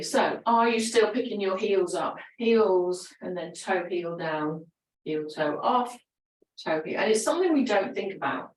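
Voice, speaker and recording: A woman leading a gentle exercise class, encouraging and chatty, laughing often between cues. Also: mid-range voice, distant mic. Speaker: fitness instructor. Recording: roomy echo, voice from away from the mic.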